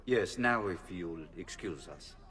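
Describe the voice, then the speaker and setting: A middle-aged man voicing a calm, commanding noble father in a video game. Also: low-pitched, in a large hall, exaggerated voice. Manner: measured, authoritative orders.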